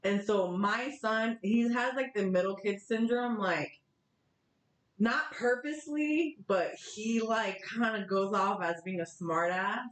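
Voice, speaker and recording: A woman's voice: mid-range voice, slow pace. Chatty woman podcast host, echoey room. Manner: chatty, animated storytelling with laughs. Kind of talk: casual chat. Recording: roomy, echoey sound.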